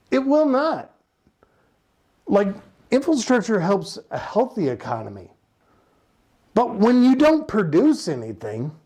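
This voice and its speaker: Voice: medium pitch, dark tone. A passionate, sarcastic vlogger from the United States, ranting casually about the economy with lots of rhetorical questions. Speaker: economic commentator. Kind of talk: casual opinion vlog rant.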